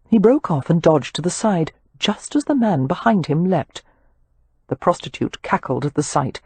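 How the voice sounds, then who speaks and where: Woman reading an audiobook, husky voice, lively ups and downs, very dry close sound. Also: lowish voice, normal speed, no echo. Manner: expressive, lively storytelling. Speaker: audiobook narrator. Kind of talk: scripted audiobook narration.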